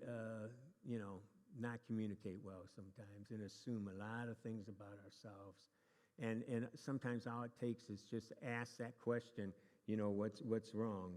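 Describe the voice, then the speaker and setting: A man's voice: medium pitch, warm tone. Upbeat joking man teaching a church class. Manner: upbeat, joking, chatty with many restarts. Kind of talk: casual lesson to a live group. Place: church meeting room. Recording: long reverb of a hall.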